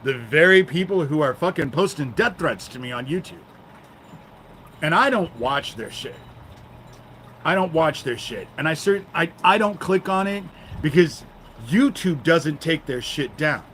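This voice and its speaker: A man's voice: on the high side, lively intonation, a little slow, fairly bright tone, slight background noise. A man ranting on his live stream outdoors by his garden, angry, profane and rambling, shifting into a frustrated prayer. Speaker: livestreamer.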